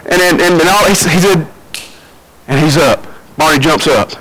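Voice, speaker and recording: A man preaching a sermon, telling the story with big swings between loud and quiet and repeating phrases for emphasis. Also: medium pitch, fast, a crowd in the background, rough recording.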